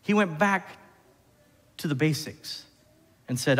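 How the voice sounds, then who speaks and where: A man preaching a sermon as pastor, animated, often putting questions to the congregation. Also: a little high, slow, long pauses. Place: church sanctuary. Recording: church hall reverb.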